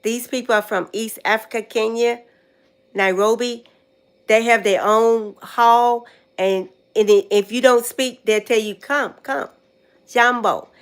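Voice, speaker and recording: A woman's voice: on the high side, steady tone, a little slow, clear, resonant tone. An older American woman chatting casually on a livestream. She repeats words to herself while she tries to remember them. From United States. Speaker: vlogger.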